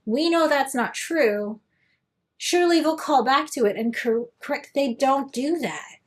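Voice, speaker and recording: A woman giving casual commentary as a video essayist, retelling things in a sarcastic, lively way. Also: sits high, measured pace.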